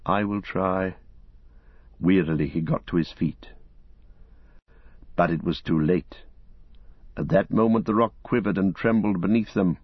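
Deep-voiced man narrating an audiobook. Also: fairly even intonation, slightly rough, no echo. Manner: measured, dramatic storytelling. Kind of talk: scripted narration. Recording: dull lo-fi recording.

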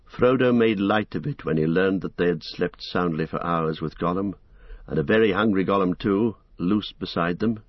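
Deep, husky male storyteller. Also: moderate pace, no room sound. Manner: expressive, dramatic storytelling. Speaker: audiobook narrator. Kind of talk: scripted narration. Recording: dull lo-fi dry recording.

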